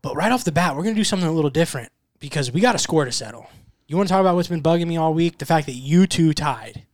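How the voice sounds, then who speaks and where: A man's voice: fairly high pitch, lively intonation, no echo, studio quality. Upbeat young guy hosting a chat. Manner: upbeat, laughs often, quick banter. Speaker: podcast host. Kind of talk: casual chat.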